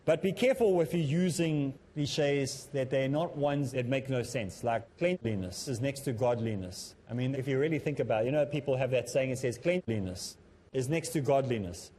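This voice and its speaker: A man presenting a televised lesson on public speaking, talking in a measured, instructive way that he himself calls a bit monotonous. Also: medium pitch, slight background noise. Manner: self-described as a bit monotonous. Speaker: Islamic teacher and TV presenter.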